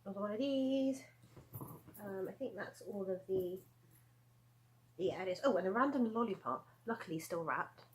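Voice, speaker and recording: A woman's voice: medium pitch, lively intonation, normal speed, long pauses, a little hiss or hum, poor audio. A woman in her thirties chatting casually at home as she shows off her handmade crochet pieces, rambling with asides and laughs. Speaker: crochet vlogger. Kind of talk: casual show-and-tell chat.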